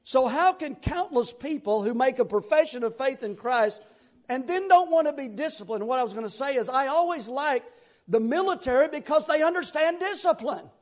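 A man's voice: very high-pitched, animated, moderate pace. A man preaching a sermon in a conversational, folksy way, asking his listeners rhetorical questions.

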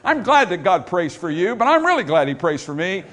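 A man preaching a sermon to a congregation, dropping to a hush for scripture and rising to loud emphasis. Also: high voice, big pitch swings. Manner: swings from hushed, drawn-out scripture quotes to loud, emphatic preaching. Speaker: pastor. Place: church in front of a congregation.

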